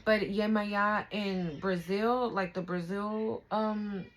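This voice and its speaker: A woman's voice: medium pitch, steady tone, takes it slowly, a little hiss or hum, low-quality recording. A young woman giving a casual spiritual tarot reading, emphatic, emotional and profane, talking straight to her viewers. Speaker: tarot reader.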